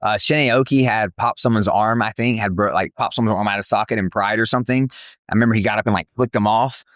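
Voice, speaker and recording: A man, an MMA promotion CEO, telling stories in a casual interview with animated slang and lots of fillers. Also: lowish voice, dry recording, studio quality. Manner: fast, animated storytelling with slang and filler words. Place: cafe.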